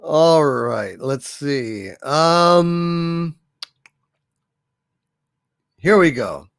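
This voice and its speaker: A man's voice: on the high side, very slow, vocal fry, long pauses, clear, resonant tone, no room sound, clean studio sound. A man hosting a casual live stream, telling jokes and reading viewer messages aloud. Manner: animated, reads viewer messages and tells jokes. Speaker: livestream host.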